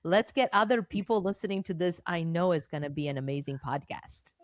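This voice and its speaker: A woman hosting a business podcast speaks in a fairly low voice for a woman. She is enthusiastic and strings together long questions with several parts. The recording is close and dry. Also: expressive, a little fast, no room sound. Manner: enthusiastic, asks long multi-part questions. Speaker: podcast host. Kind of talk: interview hosting.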